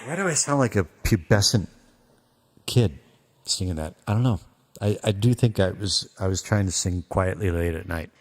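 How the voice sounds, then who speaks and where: Faint music from the track he's mixing plays underneath as a man chats casually on a live stream. His voice sits low and moves at a moderate pace, and he rambles and thinks aloud, often poking fun at himself.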